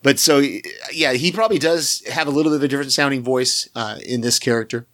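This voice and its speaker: A fast-talking man with a medium pitch and a bit of brightness co-hosts a podcast recapping a TV episode. The chat is casual and rambling, full of restarts and fillers.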